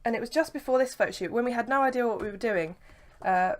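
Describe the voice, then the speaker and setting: A woman's voice: a little high, fast talker. A young woman telling a long story to camera in a casual vlog, rambling with lots of "sort of" and "like". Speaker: vlogger. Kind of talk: casual chat.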